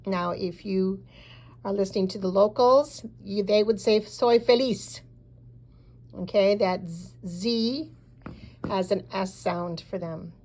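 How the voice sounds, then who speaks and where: A woman teaching a recorded beginner language lesson, modeling short phrases slowly and pausing so learners can repeat. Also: mid-range voice, a little mellow. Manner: slow, deliberate model phrases with pauses for repeating. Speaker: Spanish teacher.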